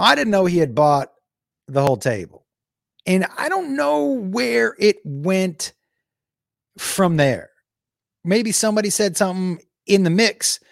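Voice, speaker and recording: A man's voice: on the high side, no echo, clean studio sound. A male comedian telling a profane, digressive story in a casual chat with viewers. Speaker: comedian and show host.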